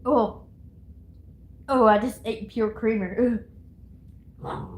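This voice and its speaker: A woman's voice: a little high, fairly even intonation, extremely slow, darkish tone, reverberant. A woman live-streaming from home, chatting casually and rambling to her viewers and herself. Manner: rambling, giggly, talks to chat and herself. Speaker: livestreamer. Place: at home, indoors.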